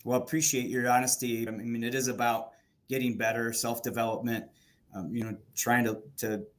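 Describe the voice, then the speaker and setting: A man hosting an interview podcast, speaking in a measured, appreciative way. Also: medium pitch, level tone. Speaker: podcast host.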